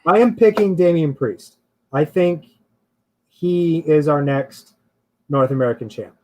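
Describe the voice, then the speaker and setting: A man with a notably high voice co-hosts a relaxed chat, talking in a loose, rambling way. He laughs easily and hedges his picks as he thinks out loud. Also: unhurried, low-quality recording. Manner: laughs often, hedging and rambling. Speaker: podcast co-host. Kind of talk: casual chat.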